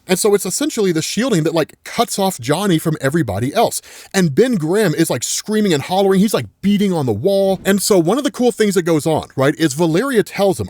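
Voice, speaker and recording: Animated, chatty man recapping comics. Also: high voice, brisk, dry recording, clean studio sound. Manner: chatty, fills with "like" and "right"; gets excited retelling big moments. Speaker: comic book recap host. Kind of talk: casual spoken comic recap.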